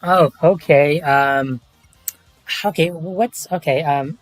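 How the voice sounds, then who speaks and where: A man's voice: on the high side, slow, dry recording. A man hosting a livestream, talking casually in a rambling, hesitant way. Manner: rambling, hesitant, with many restarts. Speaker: stream host.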